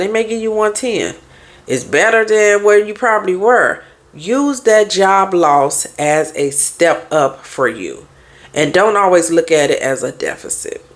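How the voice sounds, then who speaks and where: A woman speaking as a therapist and life coach in a relaxed podcast monologue. Her voice sits a little on the low side. She talks frankly and conversationally, stacking up rhetorical questions.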